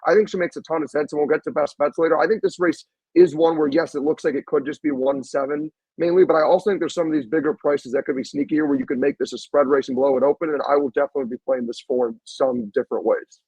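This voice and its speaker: A man co-hosting a podcast, breaking down races in long, quick, detailed run-on stretches. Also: on the high side, steady tone, darkish tone, husky, dry recording, poor audio. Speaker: podcast co-host. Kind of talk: fast analytical chat.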